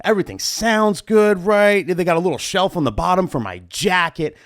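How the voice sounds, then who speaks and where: A man, a wedding DJ and show host, telling a story in a chatty, animated, profane way into a studio mic. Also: high voice, moderate pace, no room sound. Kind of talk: storytime monologue. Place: home streaming setup. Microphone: studio mic on boom arm. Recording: dry close studio mic.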